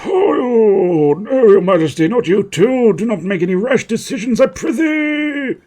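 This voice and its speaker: A man's voice: lively intonation, measured pace, mellow. A man voicing a distraught subject pleading with the king in an archaic, dramatic way. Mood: frantic. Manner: high, frantic, archaic pleading.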